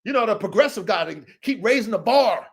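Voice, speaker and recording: Fiery high-voiced man ranting on a livestream. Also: animated, fairly quick. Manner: fiery, repetitive, swears a lot, keeps saying "O G". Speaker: dog breeder and podcast host. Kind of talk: heated livestream rant. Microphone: livestream mic.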